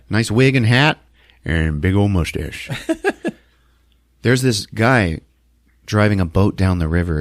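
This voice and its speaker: A man hosting a podcast, recapping a movie with animated, laughing storytelling. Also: sits low, no room sound, studio quality. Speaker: podcast host.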